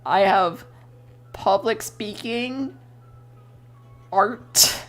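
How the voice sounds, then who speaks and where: A woman's voice: medium pitch, drawn-out words. A woman in her twenties chatting casually while drawing on stream, rambling, swearing freely and laughing often.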